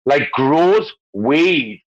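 A man's voice: mid-range voice, animated, very slow, crowd noise. A man, talking in rowdy, rambling, sweary banter as a guest in an online audio chat. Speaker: guest speaker in a crypto audio space. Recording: muffled lo-fi online call audio.

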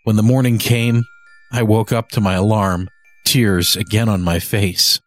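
A man reading a horror story aloud in first person, measured and often slowing down for tension. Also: fairly even intonation, no echo, soft background music. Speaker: narrator. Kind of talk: scripted horror story narration. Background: faint cello and double bass score.

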